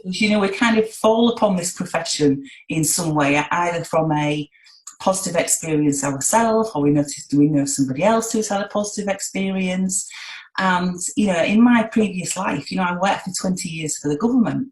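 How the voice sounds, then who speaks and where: A middle-aged woman from England speaks in a relaxed British accent, her voice sitting low. She chats openly and down to earth as a guest, sprinkling in "you know". The room around her has a noticeable echo. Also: moderate pace. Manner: chatty, down-to-earth, many "you know" fillers. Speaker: hypnotherapist guest. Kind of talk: interview conversation.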